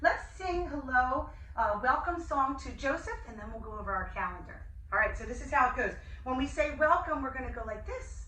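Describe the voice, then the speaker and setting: A woman teaching young children in an online class, speaking in a sing-song, slow and gently enthusiastic way with gasps of delight. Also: high-pitched, expressive, recorded from a distance. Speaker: preschool teacher. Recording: echoey room, voice a bit off-mic, faint hiss.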